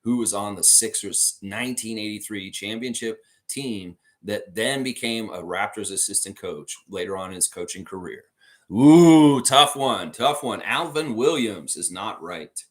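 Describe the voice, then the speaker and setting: A man's voice: fairly low pitch, moderate pace, few pauses, pushed and bright. A middle-aged American man hosting a casual trivia livestream, reading chat comments aloud and laughing often. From United States.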